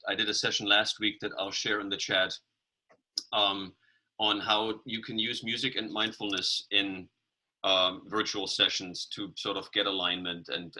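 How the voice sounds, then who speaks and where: A man speaks on a video call in a lowish voice with a bright, forceful edge. He is reflective and loose, often restarting his sentences as he tells a story in an online meeting. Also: low-quality recording. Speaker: meeting participant. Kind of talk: casual sharing in an online meeting.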